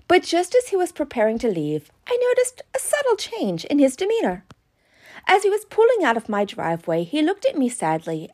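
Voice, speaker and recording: Playful high-voiced woman vlogger. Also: darkish tone. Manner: playful, chatty, addresses viewers as "love bugs". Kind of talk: casual storytelling monologue to camera.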